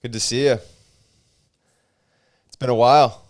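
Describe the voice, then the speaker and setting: A man's voice: mid-range voice, unhurried, dry recording, clean studio sound. A man co-hosting a hockey podcast, talking casually and upbeat with his co-host and guest. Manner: relaxed, upbeat plugging events. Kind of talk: casual chat.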